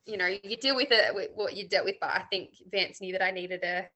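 An Australian woman in her thirties talks openly as an interview guest. Her voice is bright and forward, and her speech is loose and chatty, full of fillers. She sits at a middle pitch. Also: a little fast. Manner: chatty, warm and candid, with many fillers. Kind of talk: casual interview chat.

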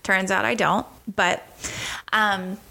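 A woman's voice: mid-range voice, fairly even intonation, takes it slowly, gravelly, bright, forceful tone. A young woman from the United States giving earnest, casual faith teaching, repeating phrases for emphasis. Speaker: Christian teacher.

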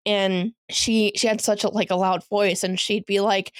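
A woman's voice: medium pitch, level tone, clean tone, dry recording, clean studio sound. A woman co-hosting a podcast in casual chat, playful and giggly. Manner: playful, giggly, drawn-out delivery. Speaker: podcast co-host.

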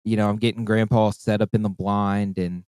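A man's voice: lowish voice, normal speed, clean tone, no room sound. A man casually telling a long hunting story, swearing a lot and acting out voices and calls. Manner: profane, animated, acts out voices and calls.

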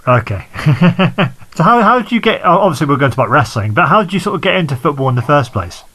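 A man hosting a podcast, interviewing a guest in a friendly, halting way with many restarts. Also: fairly high pitch, big pitch swings, sharp tone. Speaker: podcast host. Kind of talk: casual interview chat.

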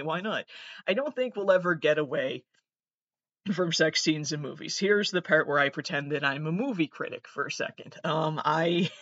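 A man's voice: a little high, a bit bright, dry recording, highs cut off. Nasal, exasperated man hosting a podcast. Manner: sardonic, exasperated, swears often. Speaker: podcast host. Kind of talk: solo podcast monologue.

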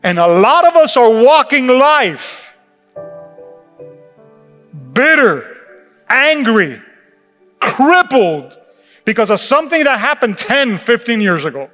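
Animated high-voiced male pastor preaching. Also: slow pace, long pauses. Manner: animated, laughing, acts out quoted voices. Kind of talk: sermon. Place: church sanctuary. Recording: reverberant church hall with music.

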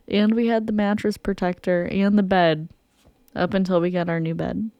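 A woman's voice: medium pitch, fairly even intonation, normal speed, warm tone, dry recording, dull audio. A young woman co-hosting a podcast, telling a story in casual chat and acting out what people said. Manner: chatty storyteller, acts out quotes. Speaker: podcast co-host.

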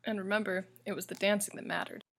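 A woman's voice: mid-range voice, steady tone, creaky, a bit bright. A young woman hosting a podcast, chatting casually and laughing often. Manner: giggly, chatty, quick laughs. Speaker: podcast host.

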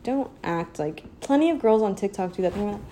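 A young woman giving a casual, sardonic opinion monologue as a podcast host. She rambles, leans heavily on "like," and slips into a mocking high baby voice when quoting others. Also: animated, fairly quick, mellow. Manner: sardonic, rambling, heavy use of "like".

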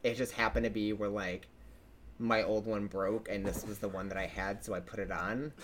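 A man's voice: fairly low pitch, moderate pace, a little hiss or hum. A man in his twenties with a slight lisp, co-hosting a casual chat and telling stories with lots of fillers and laughs. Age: 20s. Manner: lively storyteller, laughs often, many fillers. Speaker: podcast co-host.

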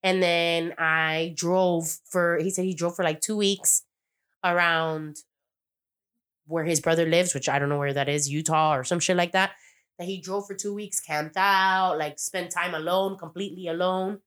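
A young woman in a loose, profane podcast chat. She rambles through a TV recap and slips in bits of quoted dialogue. Her voice sits a bit low. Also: fairly even intonation, normal speed, a bit bright. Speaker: podcast host.

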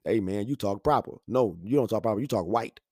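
Man telling animated stories. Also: fairly low pitch, a little fast, dry recording, clean studio sound. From Houston, Texas. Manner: animated storytelling, acts out voices, laughs often. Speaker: podcast talker. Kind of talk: casual monologue. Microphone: studio microphone.

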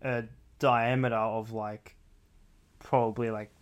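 A man's voice: medium pitch, level tone. A young man, co-hosting a podcast, who chimes in and corrects his brother. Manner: interjecting, quick to correct. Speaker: podcast co-host. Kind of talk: casual chat.

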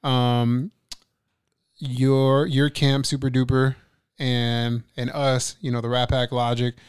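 Smooth-voiced young man, relaxed podcast host. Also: medium pitch, slow, no echo, studio quality. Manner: laid-back, laughs often, swears casually. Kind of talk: casual podcast chat. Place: studio.

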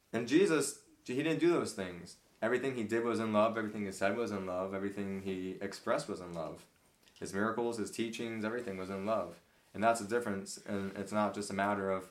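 A man's voice: fairly low pitch, fairly even intonation, brisk, a bit bright, reverberant. A man leading a casual Bible study discussion, talking earnestly and acting out preachy voices.

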